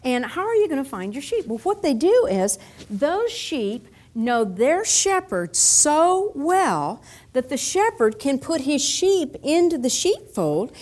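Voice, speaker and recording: Lively, animated woman teaching a Bible lesson. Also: high-pitched. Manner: animated, acts out scenes, chuckling asides.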